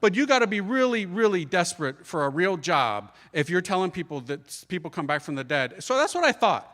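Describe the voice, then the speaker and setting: Animated man telling his story in a hall. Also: high-pitched, fairly quick. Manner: animated, acts out voices of others, humorous. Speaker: priest giving a testimony talk. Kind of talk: lively storytelling talk. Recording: reverberant hall.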